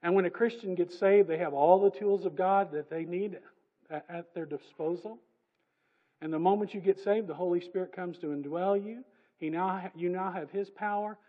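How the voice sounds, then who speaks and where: A man preaching a sermon in a church, emphatic and conversational, swinging from loud passages to soft asides. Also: high-pitched, normal speed, phone-quality sound. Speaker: pastor. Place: church sanctuary.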